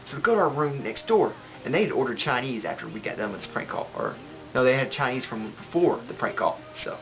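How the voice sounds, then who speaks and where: A man's voice: mid-range voice, fairly bright tone, low-quality recording. A young man hosting a casual podcast from a home studio, telling stories in a rambling, laughing way. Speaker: podcast host.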